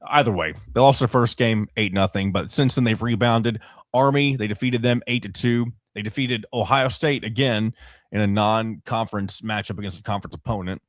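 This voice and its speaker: A man's voice: on the low side, normal speed, no room sound, studio quality. A young man hosting a solo sports podcast, running through scores casually with rambling asides and self-corrections.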